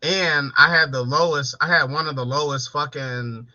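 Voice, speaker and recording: A man's voice: a little high, moderate pace, bright, forceful tone, no room sound, highs cut off. A man hosting a late-night livestream, telling profane, boastful stories about his old call-center job in casual chat. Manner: profane, boastful storytelling with laughs. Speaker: livestream host. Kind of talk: casual bar-style chat.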